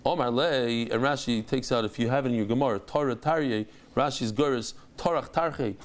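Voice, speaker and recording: A man's voice: mid-range voice, brisk, hardly any pauses. A man over fifty teaching a Talmud lesson, telling stories and acting out the dialogue with exclamations.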